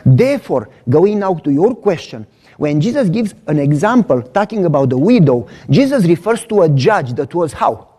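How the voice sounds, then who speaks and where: Male pastor, sermon Q&A, emphatic teacher, mellow tone. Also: fairly high pitch, big pitch swings. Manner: emphatic teaching, repeats key lines slowly. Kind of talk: sermon Q&A with audience.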